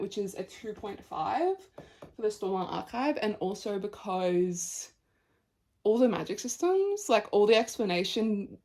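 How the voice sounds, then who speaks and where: A young woman talking in a casual reading vlog at home, recorded on a camera mic. She is chatty and gushing and often lets her voice slip down to a near whisper. Her pitch sits in the middle range. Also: a little mellow. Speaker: book vlogger.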